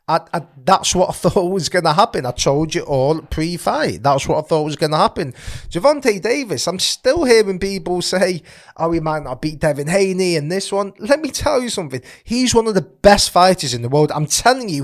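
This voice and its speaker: A man giving his boxing analysis straight to camera, emphatic, often tagging "right?" onto his points, and growing loud and fired up as he praises a fighter. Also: on the high side. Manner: emphatic, keeps asking "right?". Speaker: boxing pundit.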